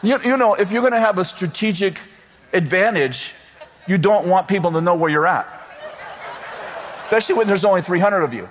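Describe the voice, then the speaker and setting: A high-pitched man preaches, telling comic stories and slipping into the voices of his characters. His voice carries a long reverb through the hall. Faint room ambience sits behind him. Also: animated, fairly quick, long pauses, a bit bright, a little hiss or hum. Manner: comic storytelling, acting out quoted voices. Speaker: pastor. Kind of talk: sermon.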